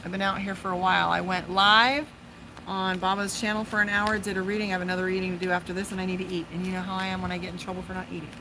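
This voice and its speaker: A woman's voice: lowish voice, little pitch movement, very fast, noisy background. A woman from Las Vegas doing a casual live-streamed tarot reading outdoors by a pool. She is chatty and swears freely, and she breaks off to talk to her dog. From Las Vegas, USA. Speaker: tarot reader and psychic.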